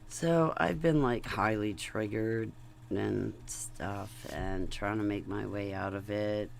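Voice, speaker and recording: A woman's voice: very deep voice, slow, creaky, slight background noise. A woman vlogging in a casual, rambling, digressive monologue, chatty and talking to her viewers. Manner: rambling, chatty, digressive, laughs between thoughts.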